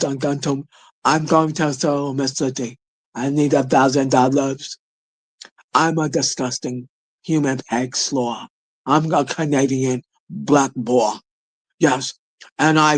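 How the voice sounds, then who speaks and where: A man's voice: mid-range voice, steady tone, measured pace, no room sound, lightly acted, poor audio. A man doing a mocking impression of a self-loathing, slovenly woman, stammering and mumbling through her confessions.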